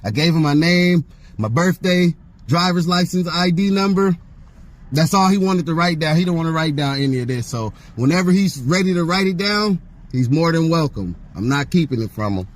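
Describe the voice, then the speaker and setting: A man's voice: on the high side, animated, moderate pace. A man in a parked car arguing with police in a defiant, irritated way, cursing often. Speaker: driver filming a police stop. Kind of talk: confrontational argument with police. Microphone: handheld recording camera.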